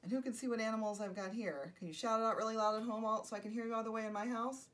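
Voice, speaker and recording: A children's librarian reading picture books aloud to young children, animated and enthusiastic. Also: female voice, fairly high pitch, racing. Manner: animated, enthusiastic and sing-song.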